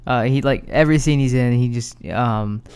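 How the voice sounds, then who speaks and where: A man's voice: mid-range voice, moderate pace, a little mellow. Hesitant young man co-host, faint hiss behind. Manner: hesitant, many fillers and restarts, teasing. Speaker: podcast co-host. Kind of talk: casual movie review chat.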